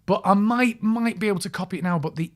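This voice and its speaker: A man's voice: high voice, quick pace. A middle-aged man co-hosting a podcast in casual, chatty conversation, restarting his sentences as he goes. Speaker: podcast co-host. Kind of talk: casual chat.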